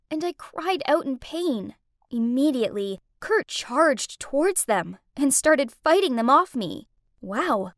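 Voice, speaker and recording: Woman storyteller, high and very expressive voice, dry close sound, emotional scripted narration. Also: no echo. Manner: emotional, dramatic delivery.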